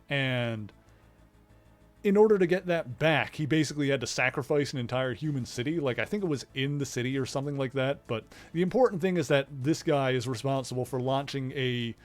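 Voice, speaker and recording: A man casually explaining a game's story while streaming it live, rambling and greeting viewers in chat. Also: medium pitch. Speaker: livestreamer playing a video game. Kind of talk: casual let's-play commentary.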